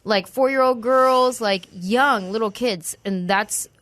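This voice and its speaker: A woman's voice: on the high side, takes it slowly, a bit bright. A woman chatting on a podcast in an emphatic way, joking about herself and explaining things at length. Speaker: podcast co-host. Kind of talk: casual podcast chat.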